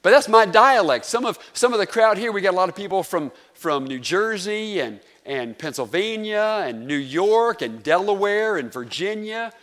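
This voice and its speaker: A man's voice: sits high, very animated, moderate pace, few pauses, a bit bright. Southern man preaching in a reverberant hall. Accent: Southern American, North Carolina. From North Carolina. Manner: conversational preaching, questions to the congregation. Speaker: pastor. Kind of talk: sermon.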